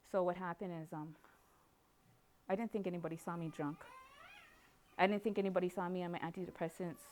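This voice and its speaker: A woman's voice: fairly low pitch, a little mellow. A woman from Canada giving an emotional personal testimony, speaking rawly with repeated phrases. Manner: raw, emotional, repetitive phrasing. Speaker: speaker sharing her recovery story.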